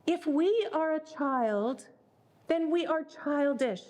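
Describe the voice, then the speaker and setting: A woman's voice: high-pitched, animated, takes it slowly, darkish tone. A woman leading a parenting workshop, speaking earnestly and repeating words as she thinks. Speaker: workshop leader.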